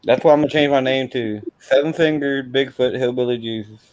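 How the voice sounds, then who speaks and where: A man's voice: medium pitch, a little fast, a little mellow, no room sound. A man, joking crudely as a guest on a casual live stream.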